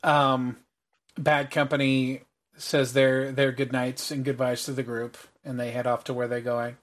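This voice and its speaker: A man narrating as game master of a tabletop role-playing game, voicing characters by dropping low and quiet. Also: flat delivery, measured pace.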